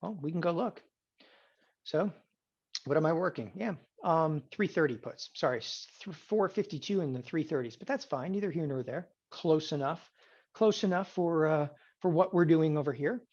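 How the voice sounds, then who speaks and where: A man teaching an options trading class, animated and sarcastic, often acting out students' voices. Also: a little high, moderate pace. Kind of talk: classroom lecture. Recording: dull lo-fi sound.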